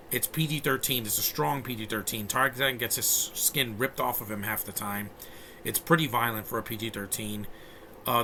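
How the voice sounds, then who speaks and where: Man, casual film review, rambling, restarts, blunt opinions, bright forceful voice. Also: mid-range voice, slight background noise. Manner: rambling, frequent restarts and fillers.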